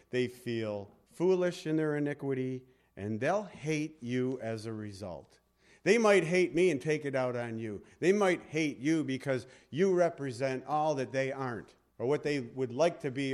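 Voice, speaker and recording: A male pastor preaching a sermon in a conversational, storytelling manner. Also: mid-range voice.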